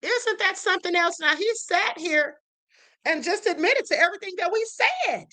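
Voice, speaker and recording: A woman hosts a live stream with a high, bright voice. She talks straight to her viewers, emphatic and indignant. She keeps checking in with them with a quick "okay?". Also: low-quality recording. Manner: emphatic, repeats "okay?" to the audience; indignant, addresses viewers directly.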